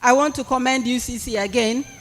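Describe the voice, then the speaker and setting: A Ghanaian man speaks to a university crowd in a strikingly high voice. His delivery is oratorical and emphatic, and he builds his points through repetition. Partway through, he reads out a prepared address. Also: a little fast, fairly bright tone. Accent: Ghanaian English. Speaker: speaker at a university policy lecture. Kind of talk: public speech and reading of a prepared address.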